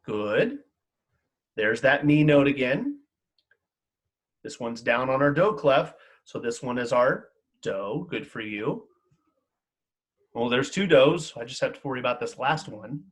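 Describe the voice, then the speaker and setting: A male music teacher leading an online lesson for children, upbeat and encouraging. His pitch leaps and dips with lively energy as he counts the class in and chants rhythm syllables with them, speaking into a computer mic. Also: a little slow, long pauses.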